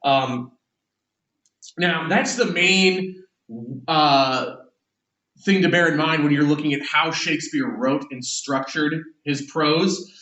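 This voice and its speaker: A man teaching a literature lesson in a relaxed, rambling way, full of "uh"s and restarts. His voice is bright and fairly high for a man. He sounds a little away from the mic, in a roomy, echoing space. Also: takes it slowly, recorded from a distance. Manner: conversational, many fillers and restarts. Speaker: English teacher. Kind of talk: classroom lecture. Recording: echoey room, voice from off the mic.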